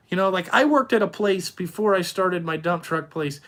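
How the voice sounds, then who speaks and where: His voice is high-pitched, pushed and bright. During a livestream, the man, who owns a dump truck business, replies to viewer comments in a blunt tirade laced with heavy swearing, repeating phrases and stopping and starting as he goes.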